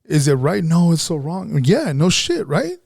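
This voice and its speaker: A man's voice: on the high side, big pitch swings, a little slow, creaky, darkish tone, breathy edge, no room sound, studio quality. A man co-hosting a podcast, talking in a blunt, frustrated way and swearing heavily in casual chat. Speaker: podcast co-host.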